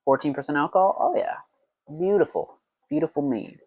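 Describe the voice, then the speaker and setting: A man chatters in a loose, playful ramble as he works through a home brewing batch. His voice sits at an ordinary middle pitch. The sound is dry and close, with little room around it. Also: moderate pace, no echo, muffled recording. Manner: rambling, playful self-talk. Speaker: home mead brewer. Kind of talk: casual solo brewing vlog.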